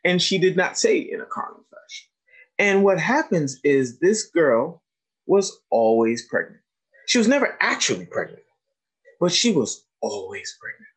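Man giving an animated trauma talk. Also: on the high side, a little slow, breathy edge. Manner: storytelling, animated, acts out quoted dialogue. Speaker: trauma educator and presenter. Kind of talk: informal talk to educators.

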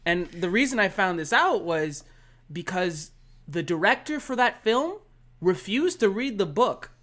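A man in his twenties chats as a guest on a podcast. His voice is bright and a bit high, with lively swings in pitch. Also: measured pace. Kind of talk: casual chat.

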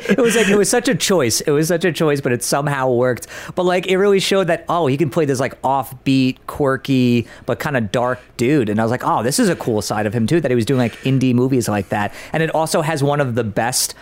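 A man's voice: medium pitch, expressive, brisk, hardly any pauses. A man co-hosting a casual podcast chat about movies, talking animatedly with many fillers and frequent laughs. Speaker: podcast co-host.

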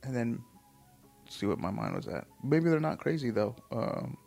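A man talks in a casual, unscripted monologue at an ordinary middle pitch. He rambles, swears freely and often stops mid-phrase to restart. He chuckles through the telling. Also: animated, moderate pace, vocal fry, a little mellow, faint music behind.

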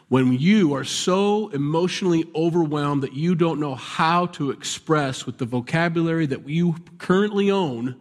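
A man preaching a sermon in a relaxed, conversational way, now and then raising his voice in animated bursts. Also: on the high side. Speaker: pastor. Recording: long hall reverb.

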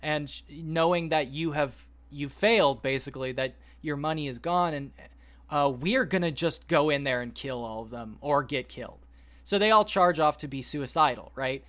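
A man on a podcast, retelling a story at length in a rambling, animated way and quoting the characters as he goes. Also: a little high, moderate pace. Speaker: podcast host. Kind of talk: casual podcast chat, retelling a plot.

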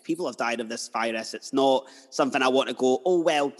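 A man's voice: mid-range voice, fairly even intonation, fast. A man hosting a podcast interview, chatty and emotional, drifting into personal stories. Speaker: podcast host. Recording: long hall reverb.

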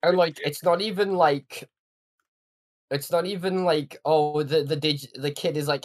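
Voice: mid-range voice, a little slow. A podcast co-host retelling cartoon scenes in casual chat, full of "like" and swearing. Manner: many fillers, swears, acts out quotes.

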